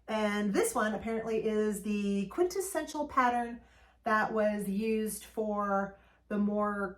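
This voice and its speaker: Chatty woman hosting a vintage haul. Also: mid-range voice. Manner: chatty, enthusiastic, with many fillers. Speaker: vlog host. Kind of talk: casual shopping haul talk.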